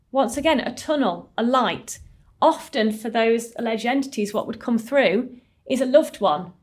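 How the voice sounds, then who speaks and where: A woman, a therapist telling stories in a recorded talk to a group. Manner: earnest storytelling, slightly higher pitch.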